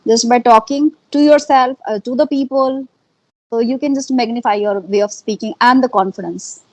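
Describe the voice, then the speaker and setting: A woman's voice: fairly high pitch, normal speed, dry recording, low-quality recording. Earnest Indian-accented woman, dry sound. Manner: earnest, repeats herself, many fillers. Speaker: interviewee, English learner. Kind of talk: casual conversation.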